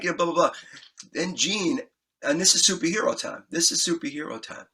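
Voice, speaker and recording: Excitable husky man telling a story. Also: a little high, brisk. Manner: excitable, acts out scenes, swears freely. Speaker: guest musician. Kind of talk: animated anecdote telling.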